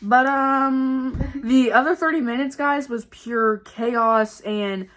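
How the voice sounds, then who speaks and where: Talking slowly in a high-pitched, somewhat bright voice, a young vlogger recounts stories to her camera. She's dramatic and casual, curses a lot, and keeps calling her audience "guys."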